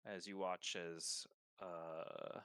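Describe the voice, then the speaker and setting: A man's voice: low voice, flat delivery, extremely slow, fairly bright tone, smooth, dry recording. A man narrating as game master of a tabletop game, describing scenes with fillers and restarts.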